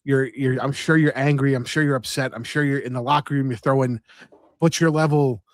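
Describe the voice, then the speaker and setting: A man's voice: medium pitch, fairly even intonation, brisk, dry recording. A man co-hosting a podcast, telling stories in a rambling, chatty way with lots of fillers and restarts. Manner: chatty storyteller, lots of "you know" and restarts. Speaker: podcast co-host. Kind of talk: casual chat.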